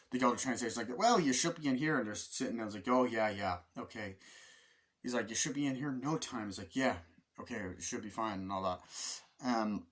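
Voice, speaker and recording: A man giving a casual, rambling movie review, acting out scenes in quick voice switches and swearing freely. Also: mid-range voice, a bit bright. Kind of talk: casual spoken film review.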